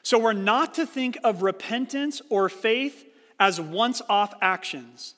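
A man's voice: high voice, slow, sharp tone, long reverb tail. A male pastor giving a sermon, telling an illustration with acted-out quotes and explaining it earnestly.

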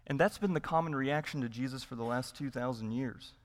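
A man's voice: mid-range voice, brisk, long reverb tail. A man preaching a sermon as pastor, emphatic, repeating his points and asking rhetorical questions.

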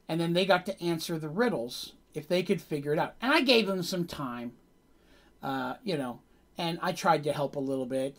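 A man as game master, casually recapping his tabletop game on a stream, rambling a bit and laughing as he goes. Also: on the high side.

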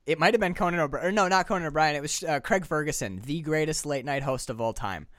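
A man's voice: a little high, quick pace, a bit bright, dry recording. A man co-hosting a casual movie chat podcast, talking with enthusiasm, rambling and laughing often. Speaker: podcast co-host.

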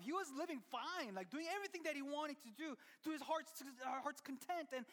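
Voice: sits high, a bit bright. A pastor preaching a sermon in a conversational way, often restarting sentences and turning to the listeners with asides. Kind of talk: sermon storytelling. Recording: long reverb of a large hall.

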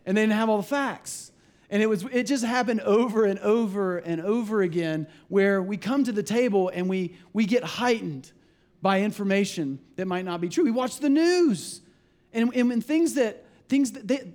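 A man preaching a sermon as pastor, animated, with asides and acted-out quotes. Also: sits high, moderate pace.

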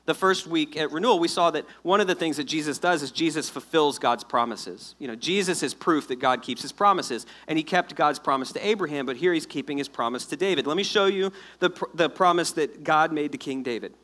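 A man preaching a sermon to his congregation, explaining scripture in a lively, joking way and acting out the people in the story. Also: fairly high pitch, brisk, hardly any pauses. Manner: animated, jokey storytelling with acted-out asides. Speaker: pastor.

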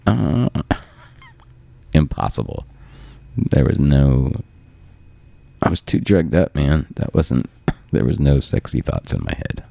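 A man's voice: rumbling low, lively intonation, takes it slowly, creaky, long pauses, mellow, no room sound. A man as a podcast guest in joking casual chat, playful and often laughing. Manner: playful, laughs often, goes along with bits. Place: podcast studio.

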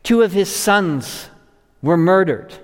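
Male pastor, earnest sermon delivery, slightly high voice, long church reverb. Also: animated, slow, clear, resonant tone. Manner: earnest, rising to stress and dropping low to close a thought. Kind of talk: expository sermon.

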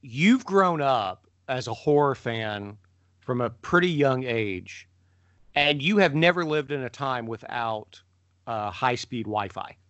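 A middle-aged man co-hosting a podcast, telling stories in a lively way and jumping up in pitch when he mimics people. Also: slow, no echo, lo-fi sound. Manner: animated storyteller, mimics voices with sudden pitch jumps. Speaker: podcast co-host. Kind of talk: casual conversation.

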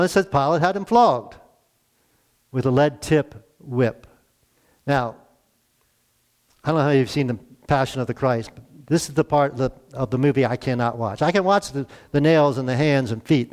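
A man's voice: mid-range voice, darkish tone. A man preaching a conversational sermon, retelling scripture and voicing the people in it.

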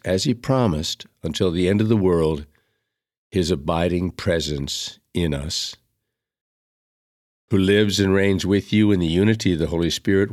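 A man reading the opening prayer and scripture readings of a Mass in a measured, solemn recitation. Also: low-pitched, no echo, clean studio sound. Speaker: liturgical reader.

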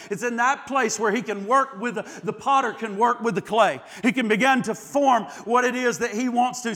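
High, bright-voiced man preaching a sermon. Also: in a large hall. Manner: impassioned, repetitive preaching cadence. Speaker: pastor.

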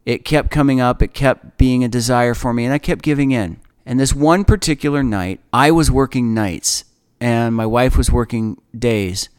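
A man in his forties telling a personal faith testimony in an earnest, emotional way, often halting and restarting. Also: medium pitch, smooth. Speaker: speaker sharing a personal testimony.

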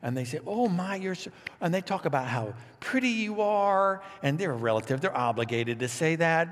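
A man preaching a sermon as pastor, animated and playful, reading scripture with lively asides. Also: sits high, normal speed, hardly any pauses, in a large hall.

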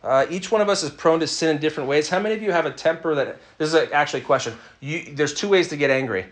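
Guy preaching to a crowd, chatty and jokey, voice a little high. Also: quick pace. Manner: conversational, jokes with the audience, asks for raised hands. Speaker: pastor. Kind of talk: sermon.

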